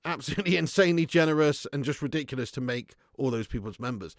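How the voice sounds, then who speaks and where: A man's voice: mid-range voice, expressive, fast talker, dry recording, studio quality. A young adult man hosting a casual livestream, chatty, laughing often and reading out viewer comments. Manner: chatty, laughs often, puts on mock regional accents. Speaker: fan channel livestream host.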